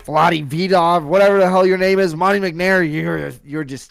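A man co-hosting a podcast, giving a brash, mocking, animated sports countdown rant. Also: high-pitched, normal speed, gravelly, hardly any pauses, clean tone, dry recording, clean studio sound. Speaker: podcast co-host.

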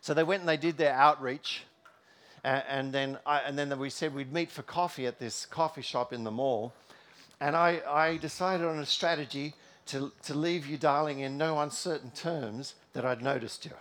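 A man's voice: a little high, normal speed, a bit bright. Storytelling preacher man. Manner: storytelling, with frequent fillers and restarts. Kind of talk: sermon. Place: church.

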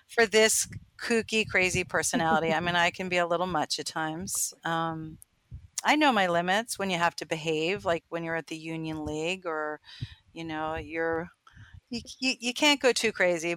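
A woman in her fifties, a photographer guest, telling anecdotes in a bubbly, animated way and acting out the voices in them. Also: lowish voice, smooth, dry recording. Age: 50s. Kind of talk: casual interview storytelling.

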